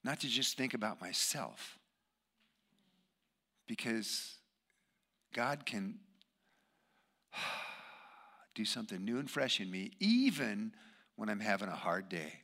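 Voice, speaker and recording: A man preaching a sermon, emphatic, swinging between loud bursts and hushed asides. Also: fairly low pitch, very animated, slow, vocal fry, pauses often.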